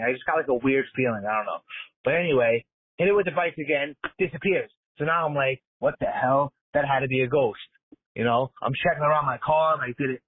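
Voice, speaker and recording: A man calling in and leaving a voicemail, telling a story in a casual, streetwise way with some swearing. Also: a little high. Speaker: caller. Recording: tinny phone voicemail.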